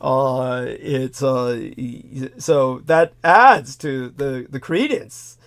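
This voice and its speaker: A man in a casual conversation who laughs often while he speaks. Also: medium pitch. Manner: laughs often, slow and lively.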